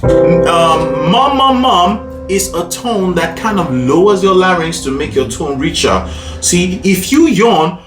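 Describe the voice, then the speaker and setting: A man's voice: on the high side, expressive, takes it slowly. A man coaching a student through a singing lesson, upbeat and encouraging, often checking in with "okay?" and "right?". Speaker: vocal coach. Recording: echoey room, mic at a distance, faint music.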